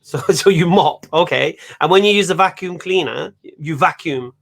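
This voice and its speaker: Host, male, fairly high voice, rambling and chatty. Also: normal speed, creaky. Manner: chatty, repeats himself, laughs often. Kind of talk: casual conversation.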